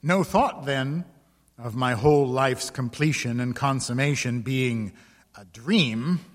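A man narrating a gothic ghost story in the first person, slow and measured. His mid-range voice lingers on each phrase at an unhurried pace. A long hall reverb hangs behind every line. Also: mid-range voice. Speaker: story reader.

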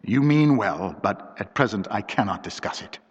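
A man reading the part of a nervous, guilty gentleman master who speaks slowly and keeps himself carefully composed. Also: on the low side, animated, husky, voice pushed down. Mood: strained. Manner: slow, strained, trying to stay composed. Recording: dull lo-fi recording with long reverb.

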